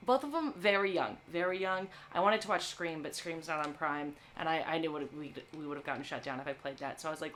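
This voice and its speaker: Chatty woman streamer, lowish voice. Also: animated, fast talker, hardly any pauses, fairly bright tone, slight background noise. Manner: chatty and playful, talks straight to chat. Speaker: streamer hosting a movie watch-along. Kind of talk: casual live-stream chat.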